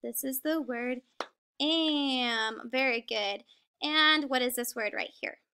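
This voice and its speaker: Bright high-voiced woman teaching small children. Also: clean tone. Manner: slow, encouraging, stretched-out words for small children. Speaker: kindergarten teacher. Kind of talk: remote reading lesson for young children.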